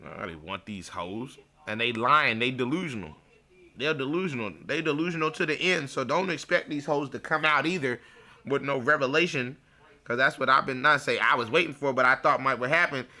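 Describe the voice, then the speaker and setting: Sharp-toned man ranting bluntly. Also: mid-range voice. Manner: blunt, profane, mocking, laughs at his own jokes. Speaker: show host. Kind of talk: ranting livestream monologue.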